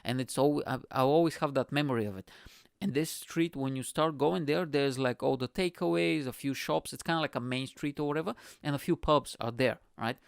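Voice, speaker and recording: A man from Bulgaria with a Bulgarian accent, hosting his own show and telling a profane, animated story in casual chat. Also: mid-range voice, fairly quick, creaky, smooth, no echo, studio quality. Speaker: podcast host.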